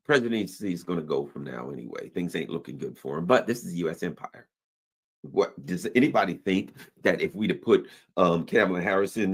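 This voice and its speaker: Husky-voiced man on an animated political rant. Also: low-pitched. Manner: animated and emphatic, with frequent rhetorical questions; mimics other people in quick quoted asides. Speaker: political commentary host. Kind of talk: casual political commentary rant.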